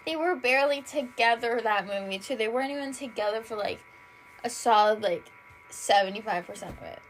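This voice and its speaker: A woman's voice: a little high, a little fast, a little hiss or hum, poor audio. A tired young woman hosting a casual solo podcast, rambling and swearing freely, saying "like" constantly and gushing in a self-admittedly dramatic way. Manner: rambling, fills nearly every phrase with "like", swears freely. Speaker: podcast host.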